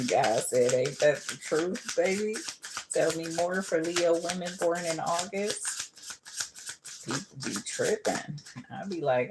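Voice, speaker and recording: Woman, tarot reader, chatty, laughs a lot, lowish voice, faint background noise. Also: slow, long pauses. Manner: chatty, laughs often, calls listeners boo and baby. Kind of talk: casual tarot reading livestream.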